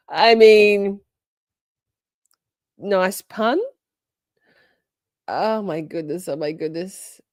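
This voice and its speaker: A woman's voice: mid-range voice, drawn-out words, long pauses, a little mellow, no room sound, studio quality. A woman hosting a casual livestream, reading out chat in a playful way and swearing freely.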